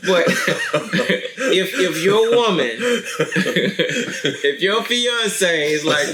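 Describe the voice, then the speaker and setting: A man hosting a podcast in casual chat, talking animatedly and acting out quotes. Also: very slow. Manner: animated, acts out quotes in a deep voice, laughs often. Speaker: podcast host.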